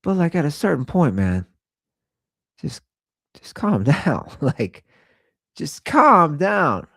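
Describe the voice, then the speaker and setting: A man in his thirties with an American accent, hosting a casual rant show and acting out quotes in higher voices. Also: big pitch swings, takes it slowly, vocal fry, warm tone, husky, no room sound, clean studio sound. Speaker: podcast host.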